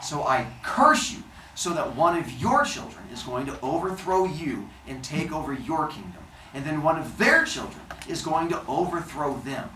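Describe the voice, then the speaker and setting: A man's voice: a little high, bright, forceful tone, a little hiss or hum. A male teacher voicing a nervous old male sky god, wary and then solemn, recorded from a distance in a roomy classroom.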